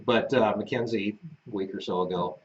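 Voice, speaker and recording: A man with a fairly low, steady voice talks at normal speed as co-host of a ranch live stream. Seated on a small love seat in a home studio, he teases and jokes about himself while chatting casually. The mic sounds dull and distant.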